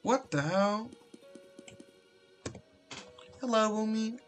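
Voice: medium pitch, drawn-out words, faint music behind. A channel host giving casual commentary while playing an online game, who mumbles and often trails off into exasperated exclamations. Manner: frequent exasperated exclamations and swearing. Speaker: Roblox gameplay streamer.

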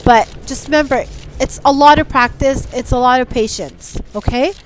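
A woman's voice: high voice, moderate pace, a little hiss or hum, rough recording. A woman hosting a casual gaming tutorial, sick with a stuffy nose, patiently walking through steps and often checking in with "okay?". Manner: patient step-by-step instructing, frequent "okay?" check-ins.

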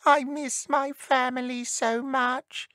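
A woman's voice: high voice, flat delivery, no room sound, voice pushed up, full character voice. A woman putting on a small earnest boy elf. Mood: wistful. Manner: slow, gentle storybook delivery. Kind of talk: storybook reading.

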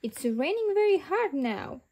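A woman's voice: very high-pitched, very animated, unhurried, dull audio, pitched above the performer's own voice, full character voice. A woman voicing a friendly, sheepish father pig in a storybook read-aloud, in a plain, friendly manner. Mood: calling out.

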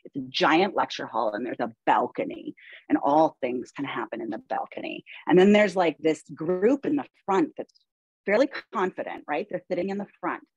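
A woman's voice: fairly low pitch, slightly rough, no echo, muffled recording. A woman chemistry instructor telling classroom stories on a panel, conversational, with many fillers and restarts. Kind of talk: panel discussion, anecdotal.

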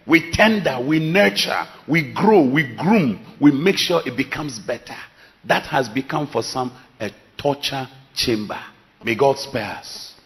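A man's voice: medium pitch, animated, a little slow, fairly bright tone. A middle-aged man preaching a sermon, emphatic and dramatic, his volume rising and falling sharply. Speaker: pastor.

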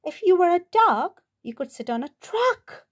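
A woman voicing a bossy male frog who makes up the rules, calling out loudly in a children's picture book reading. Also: very high-pitched, big pitch swings, measured pace, pitched above the performer's own voice, heavily acted. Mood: smug. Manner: loud, shouting commands.

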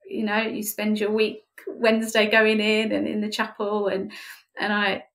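A woman's voice: mid-range voice, completely flat delivery, unhurried, a bit bright. A woman with an English accent, a guest in an interview, telling a heartfelt personal story with frequent restarts. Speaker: interview guest, youth leader. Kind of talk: conversational interview.

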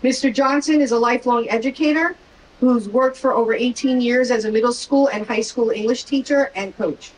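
A woman gives a measured, formal welcome as a park official, reading a prepared introduction. Her voice sits a little high and comes from some distance, with faint noise in the background. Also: darkish tone.

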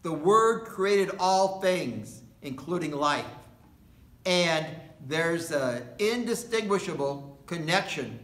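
Slow, deliberate preaching man in an echoey room. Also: fairly high pitch, expressive, a bit bright. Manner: slow, deliberate preaching with long pauses and emphatic repetition. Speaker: pastor. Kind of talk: sermon. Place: indoor worship space at a retirement community.

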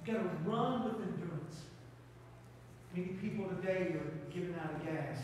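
A man's voice: sits high, moderate pace, a little mellow, distant mic, a little hiss or hum. A man with an Appalachian accent preaching a sermon as pastor, with fervent, repetitive exhortations. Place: church sanctuary. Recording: echoey church hall, mic from afar.

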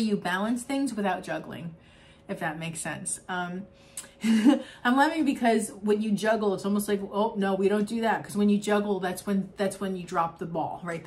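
Young woman, mid-pitched, doing a spiritual card reading; gushing, rambling, laughs a lot. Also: darkish tone. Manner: effusive, rambling, with frequent laughs and fillers. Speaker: oracle card reader.

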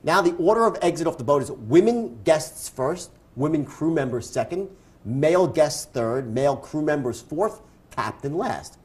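A man in his fifties with a New York accent, telling a wild story on stage as an interview guest, loud and laughing, acting out the other voices. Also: on the high side, expressive, moderate pace. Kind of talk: animated storytelling.

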